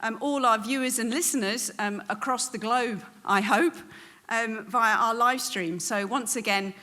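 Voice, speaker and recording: A woman from England with a southern English accent, giving an earnest prepared welcome speech as event host, pausing on frequent ums. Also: a little high, bright, forceful tone. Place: event venue hall.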